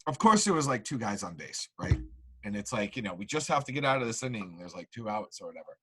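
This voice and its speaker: A man's voice: lowish voice, quick pace, slight background noise, rough recording. A man hosting a casual sports podcast, telling rambling stories full of fillers. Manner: rambling, animated storytelling with many fillers. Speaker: podcast host.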